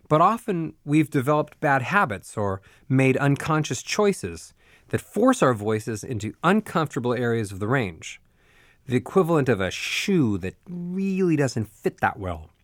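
A man teaching a spoken voice lesson, explaining clearly and giving step-by-step directions in a measured way. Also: mid-range voice, sing-song, dry recording, clean studio sound. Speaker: voice coach.

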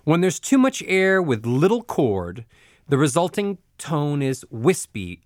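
A man teaching a spoken voice lesson, explaining clearly and giving step-by-step directions in a measured way. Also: a little high, sing-song, darkish tone, dry recording, clean studio sound. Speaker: voice coach.

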